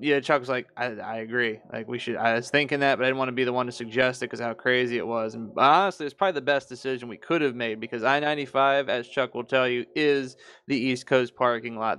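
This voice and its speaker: A man on a casual podcast chat, telling a story in an animated, profane way. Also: medium pitch, clear, resonant tone, no room sound. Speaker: podcast co-host.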